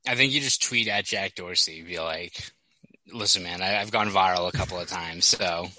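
A young man with a sharp, bright voice and a rather low pitch tells stories in casual podcast chat. He talks like a hockey reporter, full of quick asides. The sound is close and dry. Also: no room sound, low-quality recording. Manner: chatty storyteller, quick asides.

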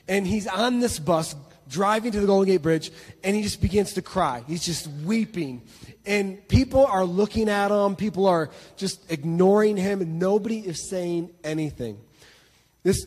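Male pastor, higher than most men, husky tone, emphatic, repeats himself, reverberant church hall. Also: normal speed. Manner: emphatic, repeats words, swings between loud and hushed. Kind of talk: sermon storytelling.

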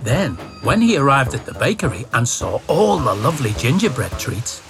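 A storyteller reading a children's picture book aloud with playful, expressive delivery and sound words. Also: medium pitch, normal speed. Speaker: narrator. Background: children's music.

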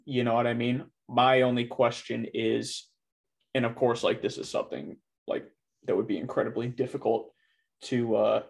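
A man with a middle-pitched voice talks loosely and casually. His sentences are packed with fillers and restarts, and he sounds like he is speaking off the cuff in a relaxed chat. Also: moderate pace, creaky. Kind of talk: casual discussion.

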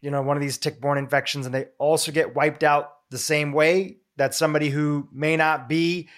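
A man co-hosting a podcast, reading out listener questions and asking follow-ups in a measured, unhurried way. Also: a little high, little pitch movement, fairly bright tone. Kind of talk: casual podcast moderation.

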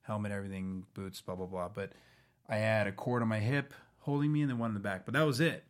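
A man's voice: fairly low pitch, fast. A man in his thirties co-hosting a casual show, telling stories with lots of energy and doing goofy voices when quoting people. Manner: animated storyteller, does goofy voices for quotes. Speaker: actor and podcast co-host. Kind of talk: casual chat.

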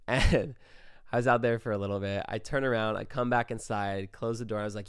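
A young man casually telling a story on his vlog, animated and profane, full of quick asides. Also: lowish voice, clean tone, no echo, clean studio sound. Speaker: vlogger.

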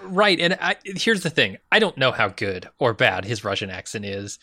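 A man's voice: mid-range voice, moderate pace, pushed and bright, dry recording, clean studio sound. A man co-hosting a casual film discussion, laid-back and amused. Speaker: podcast co-host.

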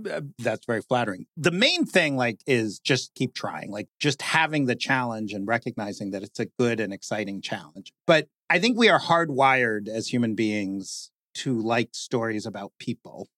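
A man in lively conversation, often saying "like" and mimicking stiff announcer voices. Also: mid-range voice, dry recording, clean studio sound. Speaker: guest speaker, podcast creator. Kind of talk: animated conversational talk.

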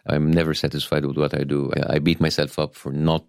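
Deep gravelly Egyptian-accented man. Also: completely flat delivery, darkish tone, no room sound, clean studio sound. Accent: Egyptian Arabic. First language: Arabic. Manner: wry, self-deprecating, thoughtful pauses. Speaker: satirist guest. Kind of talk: conversational interview.

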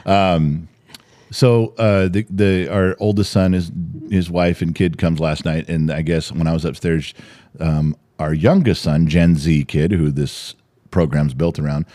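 A middle-aged man co-hosting a podcast at home, animated and swearing freely as he tells family stories. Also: sits low, measured pace. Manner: animated, swears freely, acts out quotes loudly. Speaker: podcast co-host. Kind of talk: casual chat.

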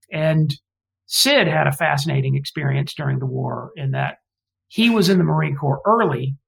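Man from Alabama, interview guest, fry-edged voice, digressive, frank opinions, self-corrections. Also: a little high, low-quality recording. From Alabama, US South. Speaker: guest historian. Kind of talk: conversational interview.

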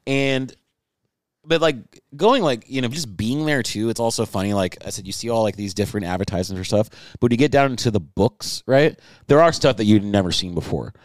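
Low-voiced young man, casual rambling chat. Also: a little fast, no room sound, studio quality. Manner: rambling, swears often, acts out quotes. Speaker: podcast co-host.

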